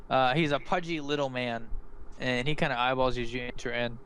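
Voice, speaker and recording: A man's voice: mid-range voice, normal speed, a bit bright, poor audio. Guy running a tabletop game, loose descriptive narration, lots of uhs, slight hiss. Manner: descriptive, with many fillers. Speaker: game master.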